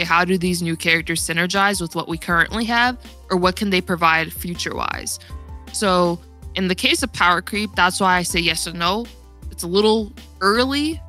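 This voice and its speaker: A woman's voice: lowish voice, bright, forceful tone. A young woman talking in a casual gaming podcast chat, rambling and laughing often, her voice getting worn. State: losing her voice. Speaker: podcast guest.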